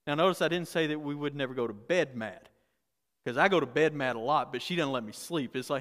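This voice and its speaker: A man's voice: on the high side, fast, sharp tone. Man preaching a candid sermon in a hall. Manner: candid, humorous, conversational preaching with frequent restarts. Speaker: pastor.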